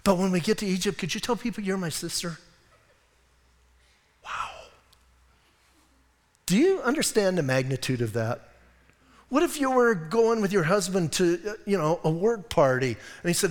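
A man preaching a sermon as pastor, lively and acting out voices from the story. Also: high voice, normal speed, pauses often, big-room sound. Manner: animated, acts out voices of people in the story. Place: church hall.

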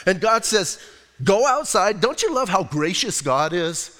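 A middle-aged male pastor preaching a sermon in a chatty, animated storytelling manner. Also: high-pitched, unhurried. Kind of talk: expository sermon. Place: church. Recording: reverberant church sanctuary.

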